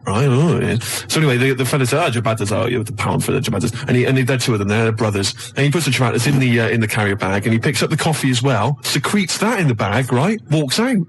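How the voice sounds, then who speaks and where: A man's voice: medium pitch, animated, fast, hardly any pauses. A middle-aged man on a radio show, telling a rambling anecdote full of asides and tag questions. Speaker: radio co-host.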